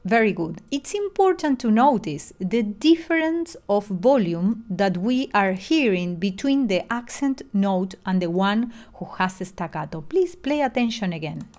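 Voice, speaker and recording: A woman's voice: medium pitch, big pitch swings, unhurried, few pauses, a little mellow. Middle-aged woman; online lesson delivery, patient, explanatory, many restarts. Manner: explanatory, with frequent fillers and restarts. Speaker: music lecturer.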